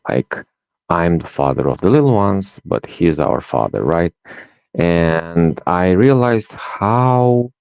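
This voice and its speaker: Deep-voiced man. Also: takes it slowly, vocal fry, smooth, dry recording. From Romania. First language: Romanian. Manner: animated storyteller, acts out dialogue, tags lines with "right?". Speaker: guest, life coach. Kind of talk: personal storytelling in a podcast interview. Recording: dull, dry sound.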